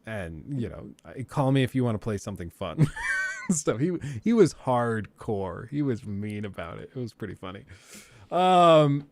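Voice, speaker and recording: A man's voice: medium pitch, very animated, a little slow. A young man hosting a live stream, chatting casually with viewers in a rambling, joking way and laughing often.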